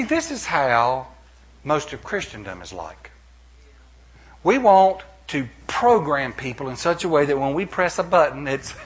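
A middle-aged man preaching a sermon as pastor, animated, with playful asides and acted-out quotes. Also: fairly high pitch, a little hiss or hum.

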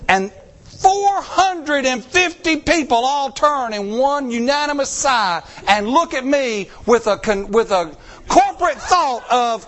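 Animated high-voiced male preacher. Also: normal speed. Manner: animated, acts out quotes in shifting voices. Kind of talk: sermon with storytelling.

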